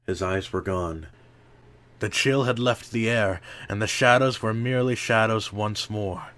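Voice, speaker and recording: A man reading an adventure audiobook aloud in slow, measured narration. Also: lowish voice, fairly bright tone.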